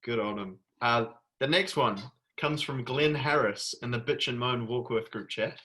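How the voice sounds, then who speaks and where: A man's voice: mid-range voice, moderate pace, pushed and bright, rough recording. A young man with a New Zealand accent, co-hosting a casual podcast chat, reading posts aloud and laughing often. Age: young adult. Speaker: podcast co-host.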